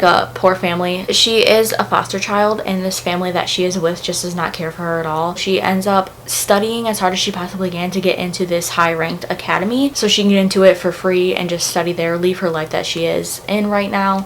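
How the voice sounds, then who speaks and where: A woman's voice: medium pitch, slight background noise. A young woman talking casually in a book recommendation vlog, gushing and emotional about the stories she loves. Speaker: book vlogger.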